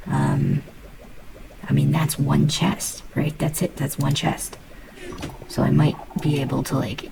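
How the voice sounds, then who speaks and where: A woman chats her way through a game in a deep, heavily gravelly voice. She is playful, mutters to herself and swears freely. A steady background noise sits under her voice. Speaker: gamer. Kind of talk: casual gameplay commentary.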